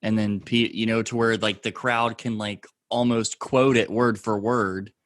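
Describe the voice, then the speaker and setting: A man's voice: lowish voice, level tone, a little slow, a bit bright, dry recording, studio quality. A man hosting a podcast, chatting casually and agreeing with his guest, thinking aloud with restarts. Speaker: podcast host.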